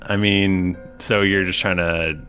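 A man's voice: sits low, fairly even intonation, slow, pushed and bright, soft background music. A man running a tabletop game as game master, narrating hesitantly with many fillers.

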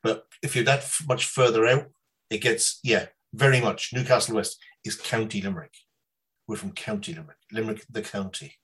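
Husky man, rambling chat. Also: on the low side, a little fast, a bit bright, poor audio. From Northern Ireland. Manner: rambling, laughs a lot, swears. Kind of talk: casual chat.

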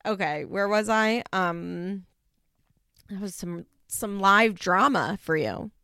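A woman's voice: medium pitch, slow pace, pushed and bright, clean tone, no echo, studio quality. A woman hosting a casual recap podcast from home, talking in a chatty, loose way with lots of "like" fillers, occasional swearing and laughs. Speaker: podcast host recapping a reality show. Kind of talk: casual chat.

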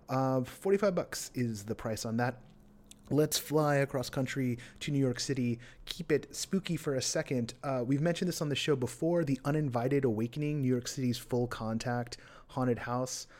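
A man's voice: medium pitch, moderate pace, a little mellow. Playful man hosting a podcast. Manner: playful, self-mocking asides. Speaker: podcast host. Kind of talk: casual chat.

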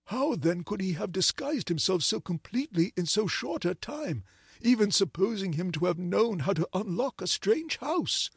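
A man narrating an old ghost story in a measured, dramatic reading. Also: sits high, very animated, creaky, breathy edge, dry recording, clean studio sound.

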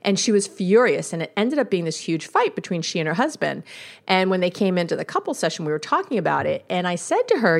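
A woman's voice: fairly low pitch, big pitch swings, fast talker, creaky. A woman hosting a podcast as a couples therapist, telling a story about her young son in a chatty way, laughing at herself and swinging her voice up when she relives moments. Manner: chatty storytelling with frequent laughs and self-mockery. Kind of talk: casual podcast monologue.

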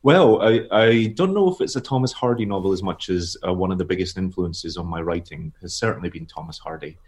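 A man's voice: deep voice, fairly quick, a little mellow. A man, a novelist talking thoughtfully about his book in an interview, with frequent fillers and restarts. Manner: thoughtful, hesitant, with many fillers. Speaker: novelist guest. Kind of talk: literary interview.

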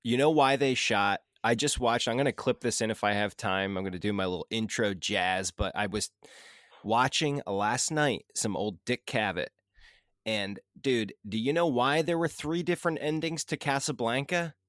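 A man hosting a podcast in casual chat, relaxed and conversational, swearing freely. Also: mid-range voice, moderate pace, no echo, clean studio sound. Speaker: podcast host.

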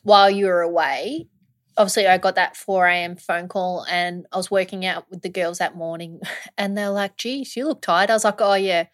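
A woman's voice: fairly low pitch, steady tone, moderate pace. A woman co-hosting a podcast in a casual chat, supportive, retelling conversations through quoted lines.

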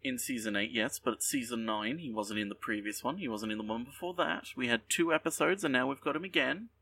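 A man's voice: mid-range voice, lively intonation, fairly quick, sharp tone, breathy edge, distant mic. A man co-hosting a podcast in casual chat, rambling with lots of ums and restarts. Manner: rambling, many fillers and restarts. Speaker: podcast co-host.

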